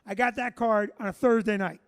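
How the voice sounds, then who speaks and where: A man's voice: sits high, fairly even intonation, fairly quick. A man from New Jersey who owns a comedy club, hosting a live show and telling a rowdy, profane story, acting out the people in it. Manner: profane, boisterous, acts out the people in his stories. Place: live show with a room audience.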